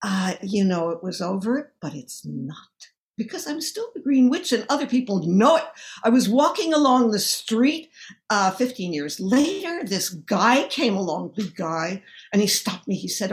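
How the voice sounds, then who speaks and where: A woman storyteller telling a story at a live event, lively and acting out the voices of the people she quotes. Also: medium pitch, moderate pace.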